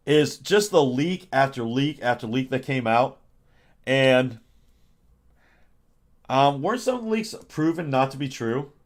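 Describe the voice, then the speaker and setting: A man chatting casually on a livestream, rambling and sarcastic, with frequent chuckles. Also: medium pitch. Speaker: streamer.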